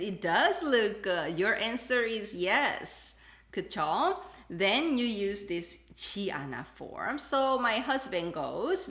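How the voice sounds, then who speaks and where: A woman teaching a live online language lesson, her voice swinging widely in pitch as she acts out little example dialogues. She switches between English and Korean. The sound carries a noticeable room echo. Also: a bit bright.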